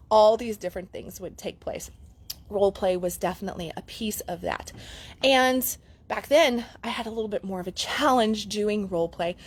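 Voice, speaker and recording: A middle-aged woman, a relationship coach, telling a candid story to her camera in a chatty vlog, laughing easily. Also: medium pitch. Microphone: camera mic.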